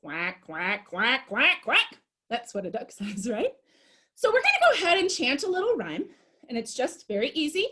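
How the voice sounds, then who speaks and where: Lively sing-song woman leading toddler storytime. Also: sits high, brisk. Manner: sing-song, exaggerated and encouraging, talks to toddlers. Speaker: children's librarian.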